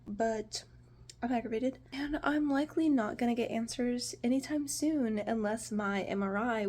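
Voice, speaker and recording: Chatty young woman with a high voice. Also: darkish tone. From United States. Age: 20s. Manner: rambling and chatty, full of "like" and "you know". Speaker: vlogger. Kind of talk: casual vlog chat. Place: home apartment.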